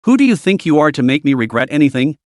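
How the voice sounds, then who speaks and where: A man's voice: on the high side, big pitch swings, fast, dry recording, clean studio sound. A man voicing a thuggish security captain in a storybook recap, taunting and sneering. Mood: mocking.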